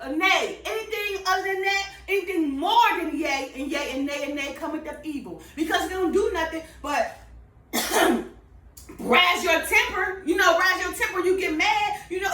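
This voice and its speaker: Woman, very high voice, casual preachy monologue with constant "right?" tags; roomy, distant recording. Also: fairly bright tone. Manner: emphatic and preachy, tags nearly every point with "right?". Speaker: Bible-based life advice speaker. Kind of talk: casual sermon-style monologue. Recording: roomy sound, far from the mic.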